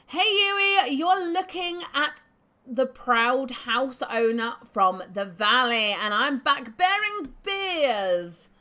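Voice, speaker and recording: A woman's voice: high voice, lively intonation, slow, sharp tone, exaggerated voice. A woman doing a grungy old ex-thief. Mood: boastful. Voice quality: grungy put-on accent. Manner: boastful, reminiscing. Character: grizzled old male ex-thief, boastful storyteller.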